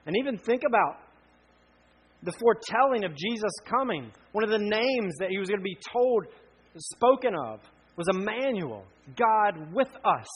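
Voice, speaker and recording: A man in his thirties preaching a sermon, earnest, with frequent pauses that build to emphatic appeals. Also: sits high, sing-song, husky, lo-fi sound. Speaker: pastor.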